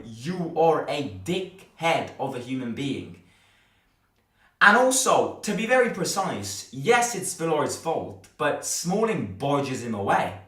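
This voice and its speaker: A man's voice: a little high, far from the mic. A man hosting a football fan channel, giving a heated, blunt post-match reaction rant, swearing and repeating himself. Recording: roomy, a little off the mic.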